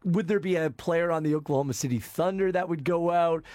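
A man co-hosting a casual sports podcast, talking quickly and teasing his partner. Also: fairly high pitch, darkish tone, no room sound, studio quality. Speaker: podcast co-host.

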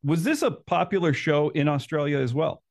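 A man's voice: fairly high pitch, expressive, moderate pace, creaky. A man hosting a podcast, asking questions in an upbeat, chatty way. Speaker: podcast host. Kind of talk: casual podcast interview.

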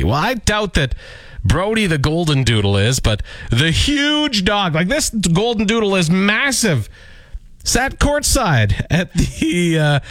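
A man's voice: mid-range voice, dry recording, studio quality. A male radio morning show host doing a mock-indignant, emphatic comic rant. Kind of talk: ranting comic radio segment.

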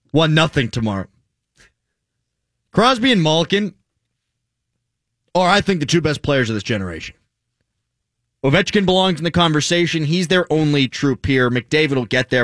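A man hosting a casual sports talk show, animated and joking with his co-hosts. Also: medium pitch, dry recording, studio quality. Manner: animated, jokey, mock impressions. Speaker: sports talk radio host.

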